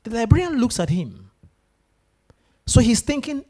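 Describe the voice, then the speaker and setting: A man gives a motivational talk to a room of students. His pitch swings widely as he fires questions straight at the crowd and pushes them to answer. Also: unhurried. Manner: animated, questions the audience directly. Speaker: guest speaker at a university.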